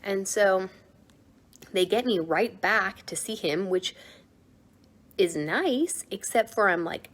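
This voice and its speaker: Young american woman vlogging, chatty story full of "like", animated. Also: medium pitch, slow pace, pauses often. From United States. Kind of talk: casual storytelling.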